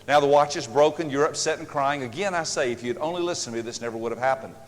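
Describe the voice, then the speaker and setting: A man's voice: medium pitch, fast, big-room sound, voice pushed down, natural voice. A man doing a stern lecturing grandmother. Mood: scolding. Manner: scolding, preachy.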